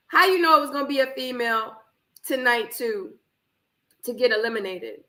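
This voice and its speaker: A woman's voice: fairly high pitch, normal speed, low-quality recording. Under-the-weather woman chatting back at the screen. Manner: animated, laughing, talking back to the screen. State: under the weather, slightly hoarse. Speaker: live reaction stream host. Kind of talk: casual live watch-party chat. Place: home office. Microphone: camera microphone.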